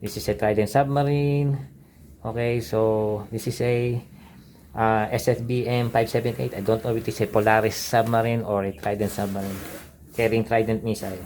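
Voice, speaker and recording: A middle-aged man with a fairly low voice walks through his old sketchbooks in a loose, rambling way. He stops and restarts often and fills pauses with "uh" as he talks. A faint hiss of noise sits under the recording. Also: level tone, a little mellow. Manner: rambling, many fillers and restarts, enthusiastic about aircraft. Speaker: art channel host. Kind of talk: casual sketchbook tour narration.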